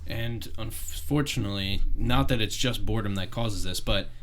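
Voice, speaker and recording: A man's voice: fairly low pitch, normal speed, fairly bright tone, slight background noise. A young man hosting a podcast, talking casually and thinking aloud in long, winding sentences. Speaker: podcast host.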